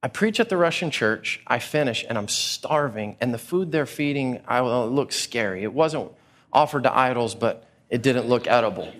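A man preaching a sermon, telling a personal story with animated, acted-out reactions. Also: medium pitch, moderate pace. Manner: animated storyteller, acts out his own reactions. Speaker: pastor.

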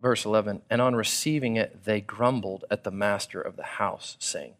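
A man from Texas, preaching a sermon and acting out people's thoughts in a casual, animated way. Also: fairly low pitch, normal speed, few pauses. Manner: animated, acts out listeners' thoughts in casual paraphrase. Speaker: pastor.

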